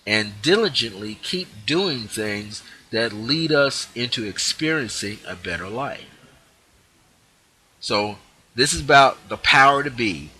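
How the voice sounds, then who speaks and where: A man's voice: mid-range voice, bright, forceful tone, husky, low-quality recording. A man teaching a spiritual class, leading listeners through repeated affirmations and decrees and stressing key words. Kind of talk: teaching session with guided affirmations.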